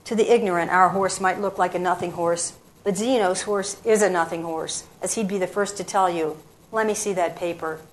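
A woman's voice: fairly low pitch, steady tone, normal speed, natural voice, low-quality recording. A woman voicing a reckless, boastful young man who owns a racehorse, in curt, brash talk in a storybook reading. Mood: dismissive.

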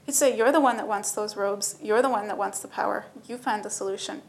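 A woman's voice: mid-range voice, fairly quick, creaky, lightly acted. A woman voicing a laid-back but blunt male supervisor who talks casually. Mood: scolding.

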